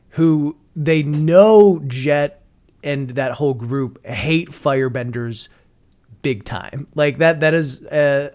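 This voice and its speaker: A man talking casually on a podcast, analytical and rambling with lots of filler words. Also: mid-range voice. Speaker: podcast co-host.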